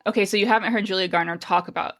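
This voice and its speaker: A woman's voice: mid-range voice, fairly even intonation, rapid-fire, a bit bright. A woman co-hosting a podcast in casual chat, chatty, laughing often and swearing freely. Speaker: podcast co-host.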